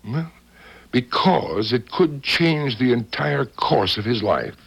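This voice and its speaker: An actor voicing an ageless angel who talks in a smooth, unhurried, gently amused way, coolly indifferent to mortals. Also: male voice, medium pitch, lively intonation, heavily acted. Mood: serene.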